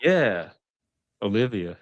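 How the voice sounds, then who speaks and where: A man's voice: on the low side, big pitch swings, slow pace, no echo, highs cut off. A middle-aged man in casual panel chat, chatty and enthusiastic. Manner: chatty, enthusiastic about music. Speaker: podcast panelist.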